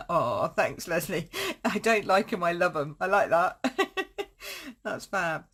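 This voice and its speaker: A woman's voice: fairly low pitch, sing-song, takes it slowly, fairly bright tone, husky. Chatty woman demonstrating crafts. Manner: chatty, upbeat, self-mocking with frequent laughs. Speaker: card-making demonstrator. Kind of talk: live-streamed craft tutorial.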